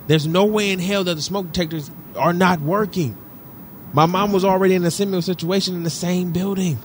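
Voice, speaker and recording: A man from Detroit, co-hosting a podcast, telling a story in an animated, profane way and repeating himself for emphasis. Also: fairly high pitch, moderate pace, a little hiss or hum. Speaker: podcast co-host. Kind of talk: casual chat.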